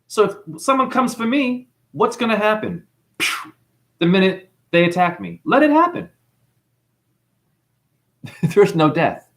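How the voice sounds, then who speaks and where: New Zealand-accented man, livestream host, rambling and preachy, very lively pitch. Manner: rambling, preachy, calls listeners honey. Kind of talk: livestream monologue reading chat.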